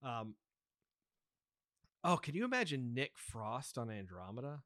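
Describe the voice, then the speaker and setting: An American man co-hosts a casual podcast, chatting eagerly as he introduces the next topic. His medium-pitched voice swings widely in pitch, runs a little slow and sounds a bit bright. The recording is dry and studio quality.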